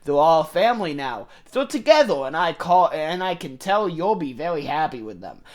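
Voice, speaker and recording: A man's voice: fairly high pitch, very animated, normal speed. A man voicing a scheming male shadow entity that offers deals, in a grand, coaxing, theatrical voice. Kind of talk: voiced game dialogue reading.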